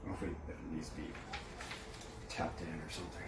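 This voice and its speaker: A man chatting casually at home, explaining a gadget step by step in a laid-back, low-key way. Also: flat delivery, fast. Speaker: vlogger. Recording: echoey room with background noise.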